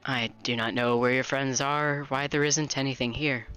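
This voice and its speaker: A streamer voicing a calm, cryptic girl troll while reading a visual novel aloud, speaking slowly and low. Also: smooth, soft background music, close to an everyday voice. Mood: calm, wistful. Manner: slow, low, hushed delivery.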